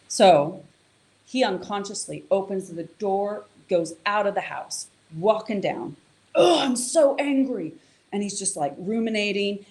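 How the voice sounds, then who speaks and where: A woman's voice: medium pitch, darkish tone. A woman who teaches yoga and meditation, explaining in a casual, chatty way and telling a story. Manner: casual, chatty, with fillers and acted-out quotes.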